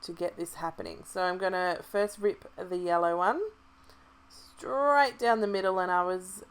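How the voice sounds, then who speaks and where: Australian woman, slightly lower register, easygoing tutorial presenter who chats and self-corrects as she goes. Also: a little slow, smooth. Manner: chatty, relaxed, thinking aloud with restarts. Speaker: craft kit club presenter. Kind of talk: casual craft tutorial voice-over.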